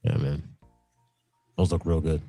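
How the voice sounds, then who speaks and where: At a measured pace, with a breathy edge and no echo, a middle-aged man co-hosts a live stream from his home workshop, faint music in the dry room. He chats casually and swears, rambling in an animated way, laughing often and acting out high voices in his stories.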